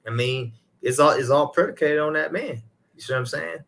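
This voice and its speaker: A man's voice: fairly high pitch, a little fast, creaky, fairly bright tone. A man, an elder of a ministry, talking casually about faith and his own life, rambling and putting in a hallelujah now and then.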